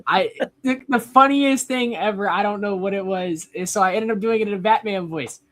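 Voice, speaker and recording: A man's voice: high-pitched, moderate pace, fairly bright tone. A young man in his twenties, a wrestler guest telling a casual story, rambling with lots of "like". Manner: rambling, heavy use of "like".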